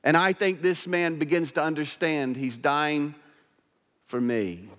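A man's voice: fairly high pitch, measured pace. Man preaching in a reverberant church. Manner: earnest preaching, shifting between emphatic and hushed. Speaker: pastor. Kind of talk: sermon. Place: church sanctuary.

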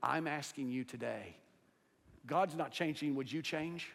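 A male pastor preaching a sermon to a congregation, swinging between loud declarations and hushed, intense asides. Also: on the high side, unhurried, gravelly. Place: church sanctuary with a congregation. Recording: long hall reverb.

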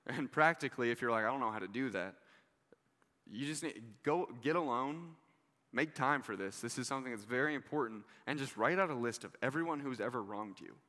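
Male pastor, casual and earnest preaching, bright voice, reverberant hall. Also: medium pitch, lively intonation, a little fast. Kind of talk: sermon.

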